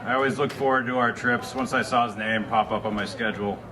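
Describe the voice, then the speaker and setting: A man who is an airline pilot gives an unprepared eulogy for a fellow pilot, halting and pausing with uhs. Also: mid-range voice, fairly even intonation, a crowd in the background. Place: memorial gathering.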